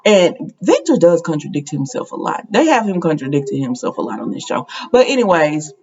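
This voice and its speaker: A woman's voice: low-pitched, sing-song, a little fast, vocal fry, a little mellow, far from the mic, dull audio. A woman recapping a soap opera episode in a casual, opinionated way, laughing as she retells the scenes.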